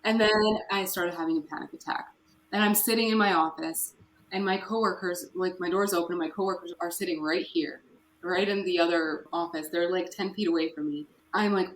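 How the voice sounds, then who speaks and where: A woman's voice: on the low side, fairly even intonation, brisk. Woman, podcast guest, candid and emotional, echoey room recording. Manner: candid, emotional, with nervous laughs. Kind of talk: personal story in an interview. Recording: echoey room with faint noise.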